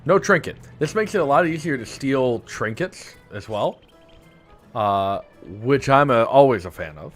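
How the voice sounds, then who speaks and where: Young guy doing lets play commentary, joking around, slow and animated. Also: medium pitch, faint music behind. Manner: joking, meandering, playful. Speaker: gaming video host.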